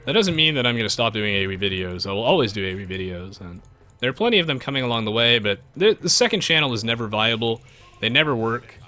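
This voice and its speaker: A man live-streaming a strategy game, chatting to viewers and reading their messages. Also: medium pitch. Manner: animated, chatty, jumps between game and viewers. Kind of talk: live gameplay commentary, reading chat.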